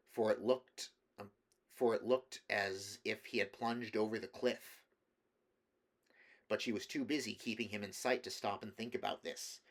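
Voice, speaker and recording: Guy reading a kids novel out loud, measured, stumbles and restarts now and then. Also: fairly low pitch. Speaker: audiobook reader.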